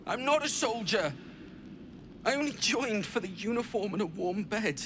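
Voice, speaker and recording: A man's voice: high voice, animated, moderate pace. An actor playing a frightened young male soldier deserter who pleads and stammers nervously, in game dialogue. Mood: fearful. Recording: game audio with music behind.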